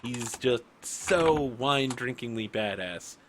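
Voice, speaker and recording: A man's voice: medium pitch, takes it slowly, a little hiss or hum. A man running a tabletop game, chatting casually and ranting with lots of swearing before play starts. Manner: ranting, profane, animated storytelling. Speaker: game master.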